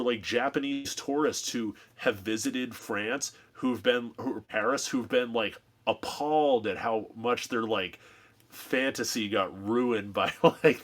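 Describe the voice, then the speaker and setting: A mid-pitched man appearing as a podcast guest, his speech loose and meandering. He leans on "like" and often restarts a thought partway through. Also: fairly bright tone. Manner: rambling, heavy with "like" and restarts. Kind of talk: casual podcast chat.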